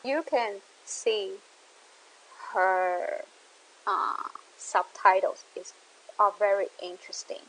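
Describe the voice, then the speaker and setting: Woman w/ going through lesson tips real slow and careful, little hiss on the mic. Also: medium pitch, rough recording. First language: Mandarin. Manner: slow, careful, with rising exaggerated examples. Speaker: Mandarin teacher. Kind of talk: casual screen-share lesson.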